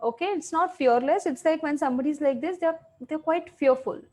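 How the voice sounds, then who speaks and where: Brief: a high-pitched woman, an animated teacher who quizzes the kids and praises them, heard over a video call. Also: fairly quick. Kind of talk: online class for children.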